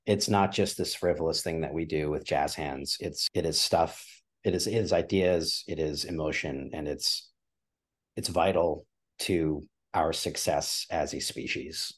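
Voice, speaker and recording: A man's voice: extremely low pitch, a little slow, breathy edge. A man guest on a podcast, talking earnestly and emotionally about theater, getting choked up as he tells a story. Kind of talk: conversational interview.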